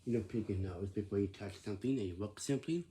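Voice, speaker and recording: A man's voice: fairly low pitch, quick pace, warm tone, slight background noise. A man giving casual workplace advice in a repetitive, scolding way, often checking with "right?". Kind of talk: casual instructive monologue.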